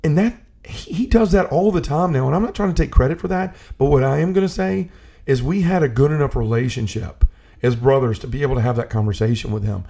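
A man's voice: medium pitch, fast talker, vocal fry, dark tone. A man talking earnestly in a casual conversation about faith, telling stories and often restarting his sentences. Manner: earnest storyteller, restarts and repeats himself.

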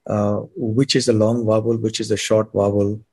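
A man speaking as a guest monk on a podcast, explaining in a measured way and often clearing his throat. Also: lowish voice, flat delivery, a little mellow. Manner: measured, frequent throat clearing, sips to soothe throat.

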